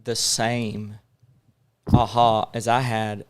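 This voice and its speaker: A man's voice: lowish voice, level tone, slow pace, clean tone. A man co-hosting a casual podcast conversation, reflecting on a mentor and building up to emphatic quoted lines. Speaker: podcast co-host.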